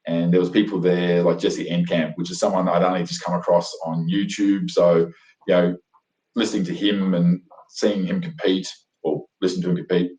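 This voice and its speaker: A man's voice: low-pitched, level tone, normal speed, warm tone. An Australian man telling his story as an interview guest, enthusiastic and rambling, full of fillers and restarts. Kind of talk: animated storytelling in conversation. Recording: roomy echo.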